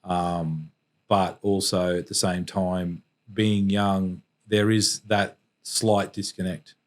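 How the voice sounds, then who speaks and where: Man, Australian accent, middle-aged, fairly low voice, halting reflective storytelling, podcast guest. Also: little pitch movement. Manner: halting and reflective, frequent restarts. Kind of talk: emotional personal storytelling.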